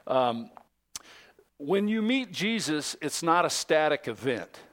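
A man in his fifties, a pastor, giving a conversational sermon, telling a story in a relaxed way with many ums and light jokes. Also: fairly high pitch, slow pace.

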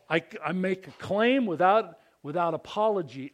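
A man preaching a sermon, reading scripture and acting out quotes with rising, pleading intensity. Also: normal speed. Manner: animated preaching, climbs high and loud on quotes. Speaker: pastor.

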